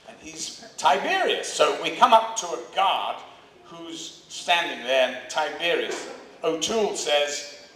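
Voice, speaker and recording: An older man from England, telling animated stories to a convention crowd and acting out the voices of others. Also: fairly high pitch, takes it slowly. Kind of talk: anecdote to a live audience. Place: convention hall stage. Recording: echoey hall, mic from a distance, crowd laughing. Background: audience laughter.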